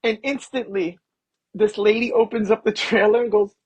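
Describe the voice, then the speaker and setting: A man being interviewed as a guest, a film producer telling animated personal stories and acting out what people said. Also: high-pitched, moderate pace, husky, dry recording, dull audio. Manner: animated storyteller who acts out quotes. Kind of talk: casual interview storytelling.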